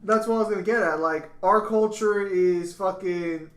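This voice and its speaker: A man's voice: high voice, normal speed, a bit bright. A man in casual banter, joking and swearing often. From United States. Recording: echoey room.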